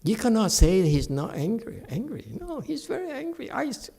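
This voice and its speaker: A man's voice: extremely high pitch, normal speed, gravelly, husky. A man teaching a conversational Buddhist lecture in a temple hall, with chuckling asides to his listeners. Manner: animated, chuckling asides to the audience.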